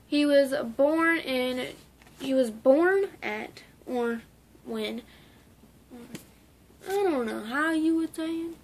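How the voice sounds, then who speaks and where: A woman's voice: high voice, slow pace, pauses often, a little hiss or hum. A woman talking casually in a memorial vlog, rambling with lots of "like" and restarts. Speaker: vlogger.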